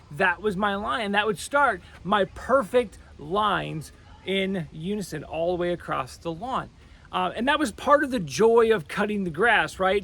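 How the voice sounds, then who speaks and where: A middle-aged man with a notably high-pitched voice gives a devotional message. He talks casually, in a storytelling way, stumbling into restarts and loose asides as he goes. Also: a bit bright. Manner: conversational storytelling with rambling restarts. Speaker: preacher.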